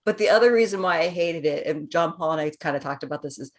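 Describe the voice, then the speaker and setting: A woman's voice: lively intonation, quick pace. Chatty woman podcast host, forties. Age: 40s. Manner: chatty, laughs often between thoughts; speaks a bit higher than her natural voice. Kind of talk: casual podcast chat.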